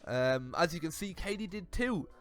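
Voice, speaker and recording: Lively, high-pitched man. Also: moderate pace, soft background music. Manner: animated, laughing, switches into silly voices for messages. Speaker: YouTube commentator. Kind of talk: comedic commentary reading messages aloud.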